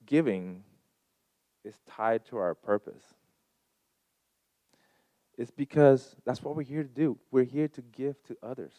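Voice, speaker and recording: An earnest man in his thirties shares a personal testimony, stacking short repeated phrases for emphasis. His voice sits at a middle pitch and is picked up dry and close on a handheld mic. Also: animated, slow, pauses often, dark tone, no echo. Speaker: guest speaker at a Sunday service.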